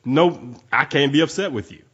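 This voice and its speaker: A man's voice: medium pitch, normal speed, fairly bright tone, husky. A man talking emphatically and swearing casually as a guest on a podcast, speaking as a parent. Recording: dull lo-fi audio.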